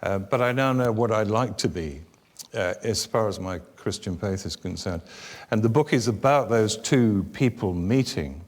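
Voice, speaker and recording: Wry older British storyteller in a hall. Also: male voice, lowish voice, normal speed. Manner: wry, self-deprecating, building to animated exasperation. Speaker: author and guest speaker. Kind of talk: humorous storytelling talk. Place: church venue before an audience. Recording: reverberant church hall.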